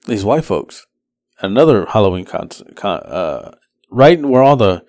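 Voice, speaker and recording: A man's voice: fairly low pitch, very animated, measured pace, darkish tone, no echo. A man, casually telling a rideshare story as a podcast co-host, acting out his passengers' lines in raised voices.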